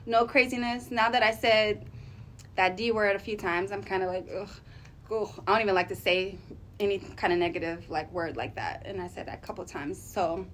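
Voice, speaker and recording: A woman vlogger casually telling a spooky story to her viewers, chatty and animated, often laughing and drawing out her words. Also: mid-range voice, normal speed, slight background noise.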